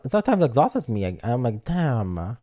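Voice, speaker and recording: A man's voice: mid-range voice, big pitch swings, moderate pace, darkish tone. A man streaming live and chatting casually, playful and dramatic, acting out his own thoughts aloud. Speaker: virtual streamer.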